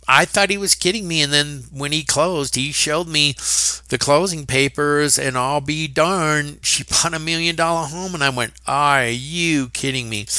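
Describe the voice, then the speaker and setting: A middle-aged real estate agent casually tells a chatty anecdote, using fillers and acting out quoted dialogue. His fairly high voice is pushed and bright with a clean tone, recorded dry.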